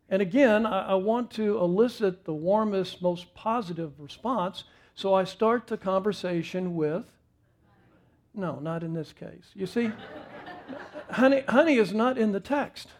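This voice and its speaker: A man's voice: high-pitched, a little mellow. A middle-aged man preaching a sermon and telling a folksy, self-deprecating story about his home life before turning to the text. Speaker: pastor.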